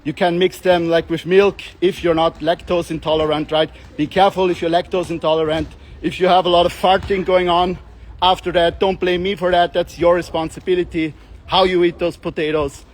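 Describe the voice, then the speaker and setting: A man's voice: sits high, flat delivery, fairly quick. A young man talking casually as a self-development coach, rambling and joking, often acting out the voices of the people he describes. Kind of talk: casual monologue with playful voice demonstrations.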